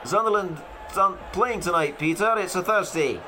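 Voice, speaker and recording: A man's voice: high voice, moderate pace, over music, a crowd in the background, natural voice. An actor playing a dry, exasperated male studio presenter of a football broadcast. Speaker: studio anchor.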